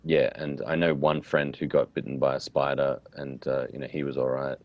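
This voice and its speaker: An Australian man hosting a relaxed, chatty conversation. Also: rumbling low, a little fast, lo-fi sound. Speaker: English teacher, host. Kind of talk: casual conversation.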